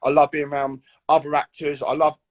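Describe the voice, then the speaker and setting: A British man in his thirties chatting as an actor guest in an interview, animated and full of acted-out quotes. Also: fairly high pitch, brisk. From Britain. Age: 30s. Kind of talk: casual interview chat.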